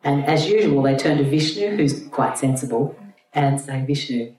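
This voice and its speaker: A woman's voice: rumbling low, moderate pace, mellow. A woman teacher retelling a myth to a group in a chatty, irreverent storytelling way. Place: room with an audience. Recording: roomy, distant mic, faint hum.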